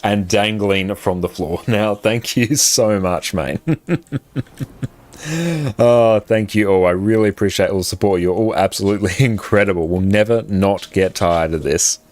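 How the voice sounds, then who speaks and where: A man's voice: low voice, steady tone, normal speed, few pauses, a little mellow. An Australian man chatting casually on a live game stream, upbeat and laughing easily as he thanks viewers. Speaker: livestream gamer.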